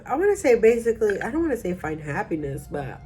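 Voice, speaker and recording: A woman's voice: medium pitch, big pitch swings, quick pace, dark tone, soft background music. A tipsy woman rambling through a casual vlog, mocking herself, trailing off and restarting her sentences. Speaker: vlogger.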